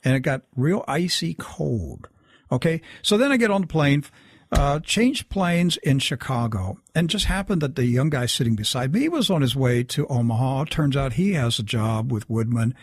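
A man's voice: medium pitch, moderate pace, husky, no room sound, studio quality. A man telling a long personal story in casual talk, acting out the people he quotes. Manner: animated, acts out quoted dialogue. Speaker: guest storyteller.

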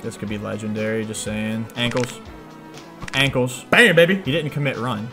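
A young man giving live commentary on his own football video game, excitable, yelling at plays and trash-talking. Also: medium pitch, moderate pace, soft background music. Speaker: gaming YouTuber.

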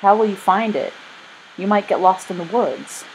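A woman's voice: medium pitch, normal speed, slight background noise, close to an everyday voice, rough recording. A woman voicing a playful young woman who teases a friend, in a storybook reading. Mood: teasing. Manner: teasing, lighthearted.

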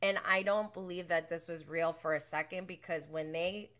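A woman's voice: on the low side, steady tone, moderate pace, fairly bright tone. A woman hosting a casual reality-show recap, rambling and chatty, laughing often and mimicking the people she talks about. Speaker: podcast host.

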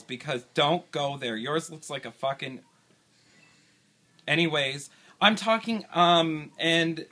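High, bright-voiced man rambling and swearing. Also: slow. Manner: rambling, exasperated, swears a lot. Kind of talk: flustered quiz answer on home video. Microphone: camera held by partner.

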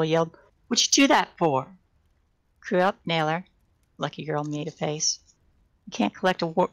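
Low gravelly woman reading a novel aloud. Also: poor audio. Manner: reads dialogue with small shifts for characters, occasional slips and restarts. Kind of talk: casual live-streamed book reading.

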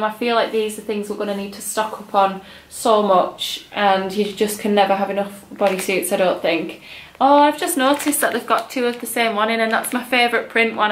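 A woman's voice: medium pitch, steady tone, a little fast, fairly bright tone, echoey room, a little hiss or hum. A young woman, chatting casually and gushingly as a vlogger about baby clothes she bought. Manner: chatty, gushing, many likes and ums. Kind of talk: casual haul chat.

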